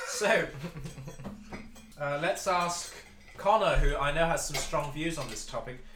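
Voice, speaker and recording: A man's voice: fairly high pitch, takes it slowly, a bit bright, roomy sound, slight background noise. A young man from England hosting a casual food-review podcast, wry and mock-formal, laughing often among friends. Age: young adult. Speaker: podcast host. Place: room with friends around a table.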